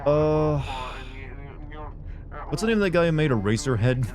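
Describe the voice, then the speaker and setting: A man's voice: on the high side, sing-song, normal speed. Joking American man streaming a game. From United States. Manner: joking, chatty, talks to chat while playing. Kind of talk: live gameplay commentary.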